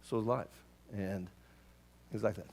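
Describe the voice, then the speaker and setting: A man's voice: fairly low pitch, fairly even intonation, a little slow, vocal fry, darkish tone, slight background noise. A man teaching a Bible class at church, earnest and emphatic, often stumbling into repeated words as he restarts his sentences.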